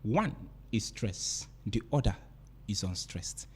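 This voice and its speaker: A man's voice: fairly low pitch, expressive, slow, slight background noise. A man teaching a literature lesson, explaining step by step and repeating and rephrasing his points. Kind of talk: explanatory lecture.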